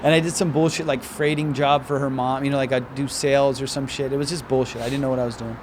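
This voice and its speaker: A man's voice: medium pitch, flat delivery, fast talker, background noise. A male stand-up comedian telling a rambling, profane story in casual chat on an outdoor balcony. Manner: rambling, profane, acts out quoted voices.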